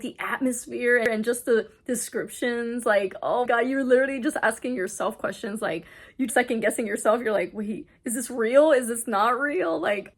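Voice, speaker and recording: Chatty young woman book vlogger. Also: fairly high pitch. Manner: chatty, excitable retelling full of "like". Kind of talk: casual reading vlog chat. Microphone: camera on a stand, not handheld.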